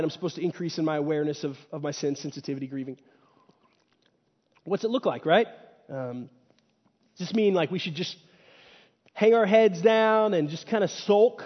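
A man preaching a sermon in a conversational way. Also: on the high side. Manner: conversational, acts out quoted inner voices. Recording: dull lo-fi sound with long hall reverb.

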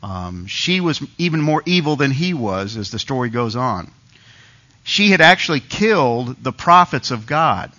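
A man's voice: mid-range voice, big pitch swings, a little slow, bright, forceful tone, dull audio. A man preaching a conversational sermon, retelling a story with quoted asides.

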